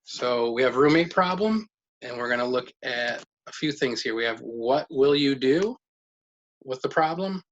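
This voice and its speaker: A man guides a relaxed home lesson for his kids, asking what they would do and praising good answers. His voice sits in an ordinary middle range. The recording is slightly muffled, with a faint hiss. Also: mid-range voice, measured pace. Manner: patient, questioning, praises answers. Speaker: parent teaching a life-skills lesson. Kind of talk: casual home lesson with children. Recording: dull lo-fi sound with faint noise.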